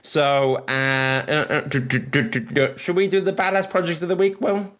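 A man's voice: on the high side, moderate pace, fairly bright tone. A man from Wales hosting a casual livestream chat, chatty and rambling, laughing often. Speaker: host.

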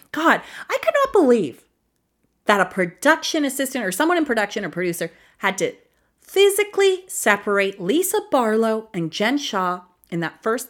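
A young woman hosting a solo podcast, talking casually and emotionally with lots of fillers and laughs. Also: mid-range voice. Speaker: podcast host.

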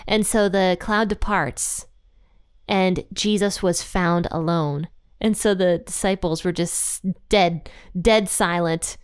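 A woman's voice: on the low side, fairly even intonation, slow, smooth, no room sound, studio quality. A young adult woman hosting a casual Bible teaching podcast, chatty and thinking aloud with fillers and guesses.

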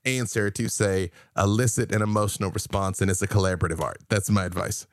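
Lively man telling gaming stories. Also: fairly low pitch, fast, no room sound. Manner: animated storyteller, acts out players' lines. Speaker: guest, game master. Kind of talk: casual podcast interview.

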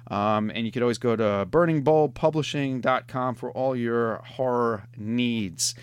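A man's voice: mid-range voice, measured pace, clean tone, dry recording. A middle-aged man hosting a podcast in casual, rambling chat, often tacking on "man". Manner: rambling, laid-back, says "man" a lot. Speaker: podcast host.

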